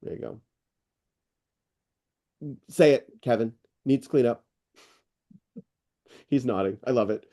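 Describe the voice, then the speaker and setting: A middle-aged man hosting an online AI news session, rambling and excitable, with lots of fillers and restarts. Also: medium pitch, slow pace, pauses often. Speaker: host presenting AI news. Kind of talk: casual screen-share walkthrough on a live call.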